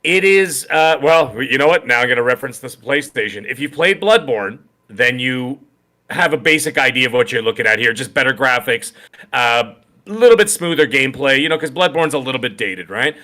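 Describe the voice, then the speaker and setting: A man's voice: mid-range voice, animated, a little fast, sharp tone. A man from Canada co-hosting a gaming podcast, chatting in an upbeat, jokey, rambling way. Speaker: podcast co-host. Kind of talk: casual podcast chat.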